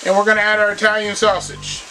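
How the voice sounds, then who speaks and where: A man's voice: high-pitched, completely flat delivery, fast talker, loud music behind the voice. A man hosting a home cooking show, chatting casually and walking viewers through each step in his kitchen.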